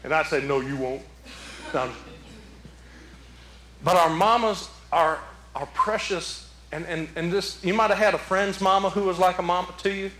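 A man's voice: high voice, moderate pace, fairly bright tone, slight background noise. Folksy preacher man in an echoey church. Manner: conversational, repetitive, full of rhetorical questions. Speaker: pastor. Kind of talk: folksy Mother's Day sermon. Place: church sanctuary.

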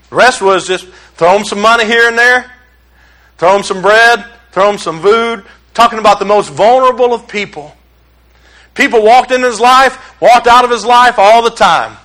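A male preacher, delivering a sermon with call-and-response, rising to shouts and dropping to a hush. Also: high voice.

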